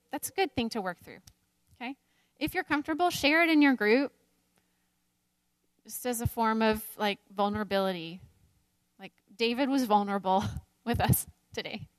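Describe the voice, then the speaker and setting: A woman in her thirties teaches a Bible study in a slightly high voice, candid and self-deprecating, often breaking into laughter. The recording is dry and close, with no room sound around her.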